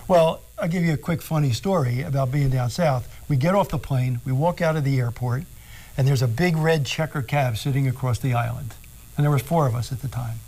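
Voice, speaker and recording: An older man, a singer and guest, telling animated stories with lots of laughter. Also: medium pitch, brisk, poor audio. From Philadelphia, USA. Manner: animated anecdotes, acts out quoted voices, laughs often. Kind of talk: casual storytelling.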